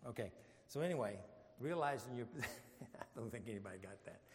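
A man's voice: mid-range voice, animated, a little fast, big-room sound, a little hiss or hum. A man leading an informal Bible study, folksy and joking, with rambling asides.

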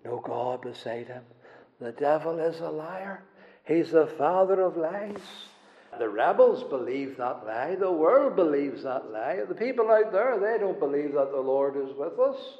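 A man preaching a sermon, building to loud, emphatic passages and then falling very soft, with slow, deliberate delivery and scripture quotations. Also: on the high side, expressive. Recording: dull lo-fi sound with long hall reverb.

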